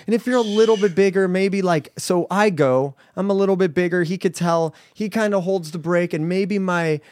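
Animated, laughing male podcast storyteller. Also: sits high, moderate pace, dry recording, clean studio sound. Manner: animated storyteller, laughs a lot, swears freely. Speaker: podcast co-host. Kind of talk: casual storytelling chat.

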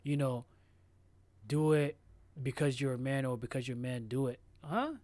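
A young man co-hosting a podcast, speaking in a halting casual way, often clearing his throat and restarting phrases. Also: medium pitch, steady tone, darkish tone, no echo. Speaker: podcast co-host. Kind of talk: casual chat.

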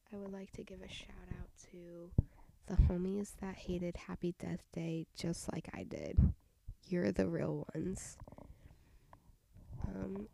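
Gravelly, mellow-voiced young woman rambling. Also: mid-range voice, slight background noise. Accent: slight southern twang. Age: 20s. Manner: rambling, lots of fillers and restarts, soft breathy delivery. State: voice going out. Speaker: podcast host. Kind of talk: casual solo podcast rant. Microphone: home microphone.

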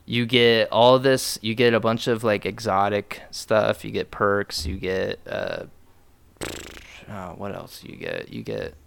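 Young male podcast co-host, deep-ish gravelly tone, loose and rambling. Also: animated, slow pace. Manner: loose, joking, trails off and restarts. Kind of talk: casual gaming chat.

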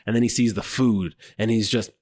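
Animated, profane man riffing on a show. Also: fairly quick. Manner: animated, profane, mocking, jumps into high squeaky voices when quoting. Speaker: show reviewer. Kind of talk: casual comedic commentary.

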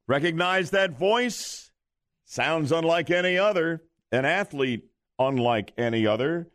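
A man's voice: a little high, a little slow. A male morning radio host running a call-in quiz game with jokey banter. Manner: jokey, lively delivery.

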